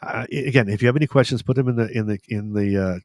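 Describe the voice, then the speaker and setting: Podcast co-host, man, lower voice, talkative, loose and rambling delivery. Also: rapid-fire, a little mellow, dry recording. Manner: rambling, with frequent restarts and fillers. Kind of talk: casual podcast chat.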